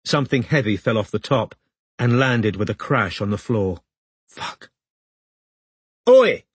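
Brief: male audiobook narrator, lowish, husky voice, dry studio sound. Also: normal speed, no echo.

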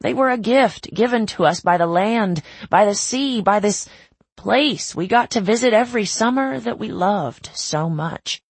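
A woman narrating a first-person novel in a reflective, measured way with a husky, creaky voice. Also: mid-range voice, expressive, dry recording. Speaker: audiobook narrator.

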